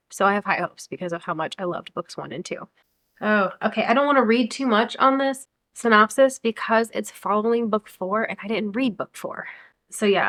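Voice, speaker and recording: A woman's voice: medium pitch, a bit bright. A young American woman chatting casually about upcoming books, enthusiastic and talkative, sometimes reading blurbs aloud. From United States. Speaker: book vlogger. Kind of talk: casual chat.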